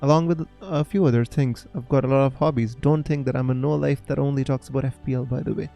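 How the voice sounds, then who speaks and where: A man's voice: mid-range voice, steady tone, vocal fry, mellow, faint music behind. Indian man chatting on a live stream. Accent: Indian English. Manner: chatty, halting, many fillers, reads viewer comments aloud. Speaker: fantasy football streamer. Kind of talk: casual live-stream chat.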